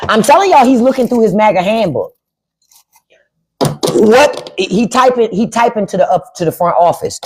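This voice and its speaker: A woman's voice: a little high, animated, normal speed, darkish tone, slight background noise. A woman hosting a livestream, ranting with sarcastic, profane commentary. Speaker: livestream host. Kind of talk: casual livestream rant.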